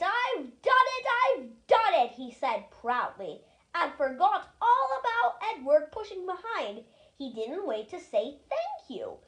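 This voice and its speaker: A reader giving a lively, expressive storybook reading aloud. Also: high voice.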